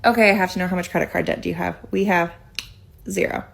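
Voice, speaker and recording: A woman's voice: on the low side, steady tone, fast, creaky. A woman chatting smugly in a casual vlog.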